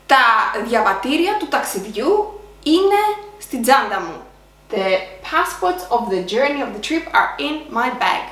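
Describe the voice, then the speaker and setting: A woman teaching a beginner language lesson, explaining slowly and repeating examples. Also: fairly high pitch, echoey room.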